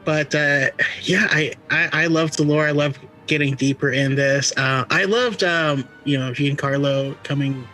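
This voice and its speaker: A man's voice: on the high side, fairly even intonation, measured pace, few pauses, bright, forceful tone, soft background music. A man co-hosting a podcast, eagerly explaining lore and correcting himself as he goes. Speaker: podcast co-host. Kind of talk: casual chat.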